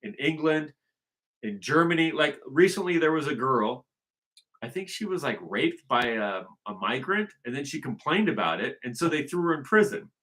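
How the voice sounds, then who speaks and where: Bright-voiced man rambling emphatically. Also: a little high, big pitch swings, moderate pace. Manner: rambling, emphatic, circling back to restate points. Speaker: vlogger. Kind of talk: casual unscripted monologue.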